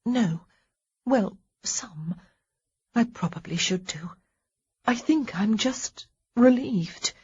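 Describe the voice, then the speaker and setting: A woman reading an audiobook, voicing an emotional young English gentlewoman who goes high and tearful when moved. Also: animated, takes it slowly, pauses often, breathy edge, muffled recording, heavily acted. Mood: unsteady.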